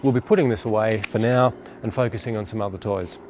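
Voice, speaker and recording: A man working as a dog trainer, calmly explaining a training demonstration while crouched beside a dog. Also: on the low side, fast, slight background noise. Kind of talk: instructional demonstration.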